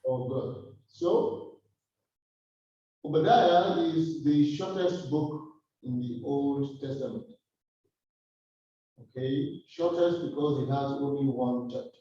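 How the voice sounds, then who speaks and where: A man leading a Bible study, explaining slowly and hesitantly with many fillers and restarts. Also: mid-range voice, expressive, mellow. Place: church room. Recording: distant echoey muffled room recording.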